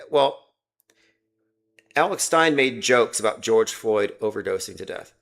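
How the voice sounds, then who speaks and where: A man's voice: fairly low pitch, lively intonation, unhurried, vocal fry, a bit bright. A man hosting a livestream, talking in a rambling, sarcastic way and reading viewer comments aloud between his points. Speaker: livestream host.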